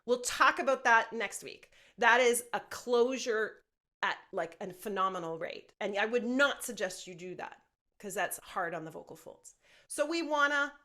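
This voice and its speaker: Bright-voiced woman teaching singing. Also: on the high side, lively intonation, normal speed. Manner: instructive, checks in often with "okay?". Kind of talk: singing lesson with sung demonstrations.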